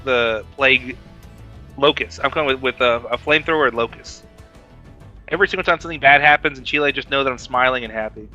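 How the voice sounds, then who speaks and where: A man's voice: mid-range voice, fast talker, sharp tone, dull audio, soft background music. A man telling a crude story in casual podcast banter, swearing often and mocking people with put-on voices. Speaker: podcast co-host.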